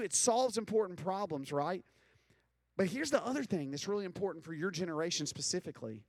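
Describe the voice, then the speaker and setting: A man's voice: high voice, no echo. A man in his thirties giving a casual, joking talk to a room of students, full of likes and ums. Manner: conversational, joking, lots of "like" and "um". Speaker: speaker addressing students. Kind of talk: casual talk to a live audience.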